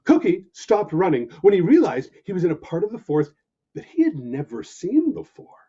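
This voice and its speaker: Brief: husky, mellow male storyteller, slow and very animated, lo-fi recording. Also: sits high. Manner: animated, expressive narration. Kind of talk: children's story reading. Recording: dull lo-fi recording.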